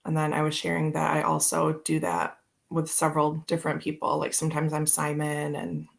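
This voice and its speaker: Woman, tarot stream host; low, gravelly, loose and chatty. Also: monotone, fairly quick. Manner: chatty, rambling, laughs often. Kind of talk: casual live-stream chat.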